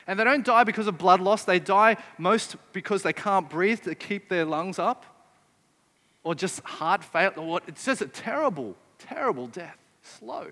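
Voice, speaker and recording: A man's voice: high-pitched, expressive, moderate pace, sharp tone, big-room sound. A man preaching a sermon, emphatic and often putting rhetorical questions to his listeners. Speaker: pastor.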